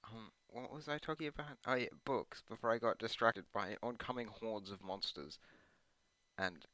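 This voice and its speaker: Gaming host, man, low and bright, dry close sound, rambling and hesitant. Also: normal speed, no echo. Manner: meandering and hesitant, with many ums and uhs; self-deprecating asides. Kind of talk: rambling commentary while playing a video game.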